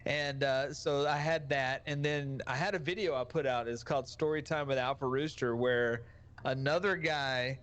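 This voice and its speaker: A male guest streamer chats casually on a podcast, crude and jokey, swearing often. His voice is slightly high with a fairly bright tone.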